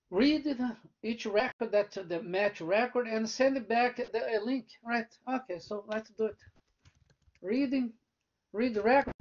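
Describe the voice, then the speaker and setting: Slow, deliberate man. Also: high-pitched. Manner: talks through code step by step, often asking "né?" or "right?". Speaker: professor. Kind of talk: live coding lecture. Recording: dull lo-fi recording.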